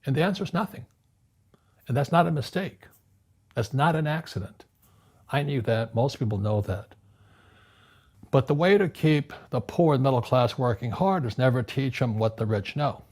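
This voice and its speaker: A man in his seventies from Hawaii, a guest in an interview, telling animated stories with frequent restarts and repeated words. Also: mid-range voice, normal speed, pauses often. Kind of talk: storytelling conversation. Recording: music playing underneath.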